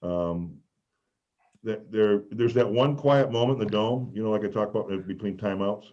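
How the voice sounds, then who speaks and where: Low mellow guy on a video call, rambling stories, kinda muffled lo-fi audio. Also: moderate pace. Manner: rambling, animated, shouts out quoted lines. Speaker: former college mascot guest. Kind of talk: casual storytelling on a video call.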